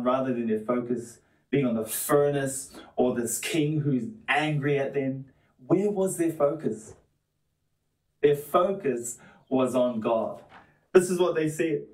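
A man preaching a sermon in an earnest, steady way, stacking up repeated phrases to drive each point home. His voice sits at an ordinary middle pitch. It sounds roomy and a little far from the mic. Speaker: pastor. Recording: roomy echo, mic at a distance.

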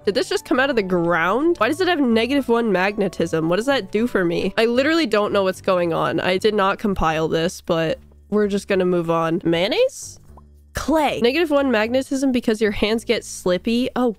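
A young woman giving casual, excitable commentary while playing a game, giggling often and tossing out quick silly asides. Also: mid-range voice, soft background music. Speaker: gaming video creator.

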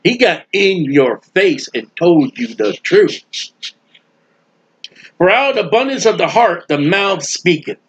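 A man preaching a sermon in a folksy, animated way, acting out the voices of people he quotes. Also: high voice, unhurried, husky, muffled recording. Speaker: street preacher.

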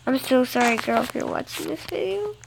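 A girl with a high-pitched, expressive voice and some vocal fry chats playfully and briskly over a phone game, gasping and bursting into snatches of song. She's a gameplay vlogger doing casual commentary, captured by a phone screen recorder with a noisy background.

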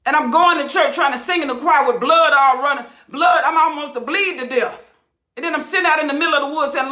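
A woman's voice: high voice, a little fast, pushed and bright. A woman teaching the Bible verse by verse, preaching with passion, hollering and repeating phrases for emphasis. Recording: roomy echo.

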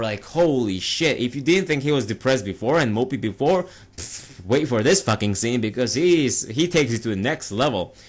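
A young man ranting about a movie he disliked in a casual, heated, profane and exasperated way. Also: mid-range voice. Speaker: movie reviewer and streamer. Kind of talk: casual rant.

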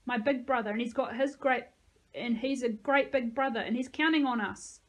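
Woman voicing a desperate teenager, pleading, high-pitched, loud. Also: moderate pace, natural voice. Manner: pleading, screaming.

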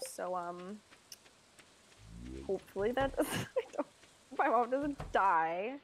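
A woman's voice: medium pitch, expressive, slow pace, pauses often, a little hiss or hum. A woman chatting playfully with a friend during a game stream, teasing and joking. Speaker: co-host friend. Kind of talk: casual chat.

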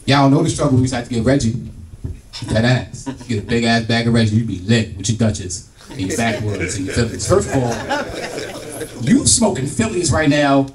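A man's voice: medium pitch, expressive, brisk, recorded from a distance. New stand-up man working the crowd. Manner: crowd work, rambling street slang. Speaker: stand-up comedian. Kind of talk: stand-up comedy. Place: comedy club. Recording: echoey club recorded from afar, crowd.

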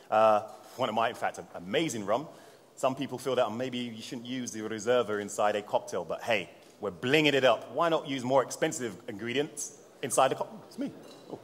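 Chatty man presenting in a reverberant hall. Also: medium pitch. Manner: jokey, chatty, addresses the audience. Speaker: bartender presenting a seminar. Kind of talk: live cocktail demonstration talk. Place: seminar room at a bar trade show.

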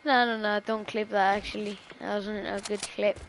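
A woman giving gameplay commentary, full of profane, excitable trash talk. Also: mid-range voice, normal speed. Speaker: gamer. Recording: noisy game audio behind. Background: game sounds and gunfire.

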